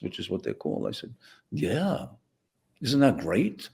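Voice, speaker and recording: A man's voice: on the low side, huge pitch swings, measured pace, gravelly, long pauses, a little mellow, breathy edge. A man, a podcast guest telling a story and acting out the dialogue. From the Bronx, New York. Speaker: guest, former teacher. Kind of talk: conversational storytelling.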